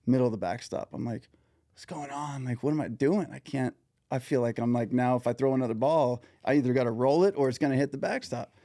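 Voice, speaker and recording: A man's voice: medium pitch, fast, dark tone, no room sound, studio quality. A man hosting a casual sports interview, telling swearing, joking anecdotes of his own. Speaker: host.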